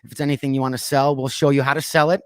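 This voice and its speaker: Easygoing man hosting a chat podcast. Medium pitch, dry and close recording. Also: little pitch movement, rapid-fire, smooth, no room sound. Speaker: podcast host. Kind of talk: casual chat.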